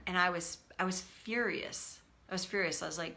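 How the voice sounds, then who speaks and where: Middle-aged female tapping coach, casual and confessional, bright tone, animated re-enactments. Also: fairly low pitch, moderate pace, hardly any pauses. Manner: candid, animated, acts out her own reactions in a raised voice. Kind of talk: casual teaching talk.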